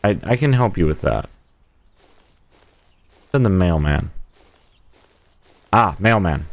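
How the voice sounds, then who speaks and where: A man's voice: sits low, lively intonation, takes it slowly, no room sound. A man streaming a video game live, rambling and joking as he talks to himself and his viewers. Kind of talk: casual live gameplay commentary.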